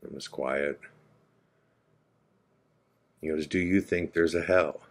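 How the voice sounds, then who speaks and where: A podcast host, a man, slowly and quietly retelling a heartfelt conversation, quoting both sides. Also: a bass voice, fairly even intonation, vocal fry. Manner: slow, quiet, reflective retelling with quoted dialogue. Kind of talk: emotional personal storytelling.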